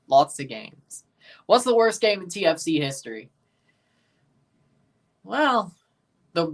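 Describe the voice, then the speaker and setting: Man, Southern US accent, livestream host, casual chat, answers comments. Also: a little high. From Mississippi, US. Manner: chatty, answers viewers' comments, repeats phrases.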